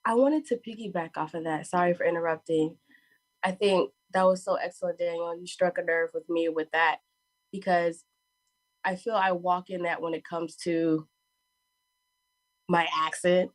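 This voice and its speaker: A woman's voice: on the low side, steady tone, moderate pace. A woman with a Southern US accent, chatting on a conference panel and laughing often as she talks. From Southern US (Florida). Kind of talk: casual panel talk.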